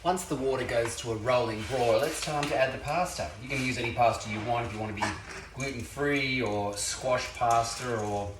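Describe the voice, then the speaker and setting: Pans clatter in an echoey home kitchen as a cooking show host talks through his demonstration in a mid-range voice at normal speed. He keeps it playful and chatty, tossing in jokes, over a noisy background.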